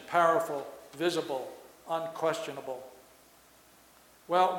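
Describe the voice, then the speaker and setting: A man preaching a sermon in earnest, asking rhetorical questions and building to emphatic points. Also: fairly high pitch. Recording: echoey hall reverb.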